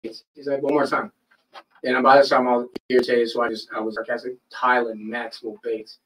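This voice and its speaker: A man in a loose podcast chat, telling a story with plenty of swearing and quick impressions of the people in it. His voice sits at a middling pitch and comes from a little way off the mic, as if he is leaning back. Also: far from the mic, a little hiss or hum, poor audio. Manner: animated, profane, acts out quoted people. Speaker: podcast host. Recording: voice a bit off-mic.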